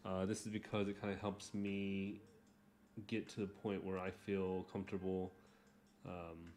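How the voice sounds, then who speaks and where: A man hosting a drawing livestream, talking casually while he sketches, rambling and joking at his own expense, often trailing off into soft mumbles. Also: low-pitched, level tone, measured pace, a little hiss or hum. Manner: rambling, jokey and self-mocking.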